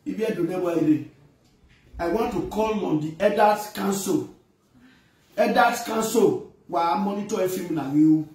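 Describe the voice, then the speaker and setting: A high-voiced man with a Nigerian Pidgin accent, ranting with emphatic pleas that climb into shouts. He is recorded from a distance in a very echoey space. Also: unhurried. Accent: Nigerian Pidgin, Edo. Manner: pleading, emphatic, rising to shouts. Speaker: actor. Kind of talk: impassioned rant.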